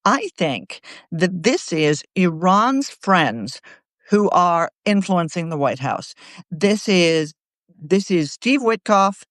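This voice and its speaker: A woman co-commenting on politics in a casual video-call chat, animated and sarcastic, full of jokey asides. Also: on the low side, slow, dry recording, studio quality.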